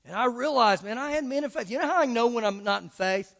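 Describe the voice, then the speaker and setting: A man preaching from the pulpit in a high, bright-edged voice, emphatic one moment and conversational the next. He slips into quoted prayers and imagined questions from his listeners. His words ring out with a long reverb through a church sanctuary. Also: expressive, fast talker, creaky. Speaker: pastor. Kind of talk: sermon.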